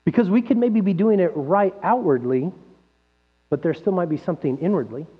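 A man preaching a sermon as pastor, animated, asking rhetorical questions and acting out quoted voices. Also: high voice, a little fast, breathy edge. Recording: dull lo-fi sound with long hall reverb and mains hum.

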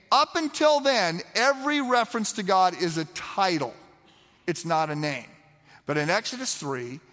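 A man teaching a sermon on a Bible passage, acting out the dialogue of the scene. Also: high-pitched. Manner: animated, acts out the dialogue of the scene. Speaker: preacher. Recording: long reverb of a hall.

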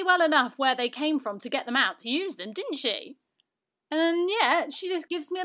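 Chatty young British woman, slightly high voice. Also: sing-song, moderate pace, fairly bright tone. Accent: British English. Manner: chatty, frequent "like" fillers, self-mocking. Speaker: podcast host. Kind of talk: casual solo podcast monologue.

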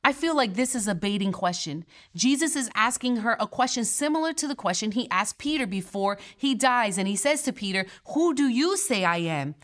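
A woman's voice: on the high side, lively intonation, brisk, few pauses, fairly bright tone. A woman pastor delivering a sermon in a church, earnest and conversational, with playful asides between scripture readings.

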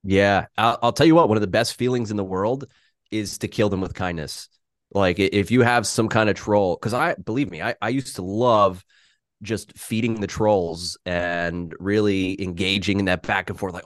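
A man's voice: lowish voice, moderate pace, no room sound, studio quality. A man talking candidly on a podcast, self-deprecating and casual, with frequent restarts.

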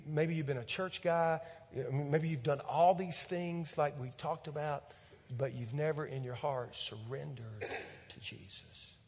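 A man preaching a sermon as pastor, earnest and pleading, repeating words, swelling loud and then dropping soft. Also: medium pitch, slight background noise. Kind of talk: sermon with altar call. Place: church sanctuary. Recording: long church hall reverb with soft music.

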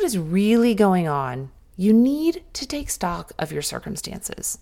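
Middle-aged woman, podcast host, candid coaching talk, very animated pitch. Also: slow pace, vocal fry. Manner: candid, direct, coaching the listener. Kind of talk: motivational solo podcast talk.

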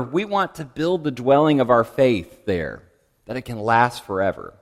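Reflective male pastor in a reverberant church. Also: mid-range voice. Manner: gentle, reflective, trailing off at phrase ends. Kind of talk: sermon. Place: church sanctuary.

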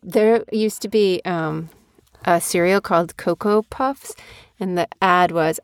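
A woman, a mother co-hosting a casual family podcast and gently teasing her child. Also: lowish voice, slow pace, smooth, no echo, clean studio sound. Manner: teasing, affectionate, chatty.

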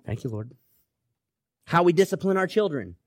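A man's voice: fairly high pitch, very animated, moderate pace, no room sound. A man preaching a sermon as pastor, emphatic and exhorting, rallying listeners with "come on now".

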